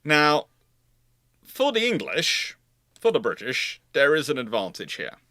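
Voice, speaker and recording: A man's voice: a little high, wildly swooping pitch, measured pace, bright, forceful tone, no echo. Chatty man giving a livestream history lecture. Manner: conversational, with fillers and self-corrections. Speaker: naval history lecturer and channel host.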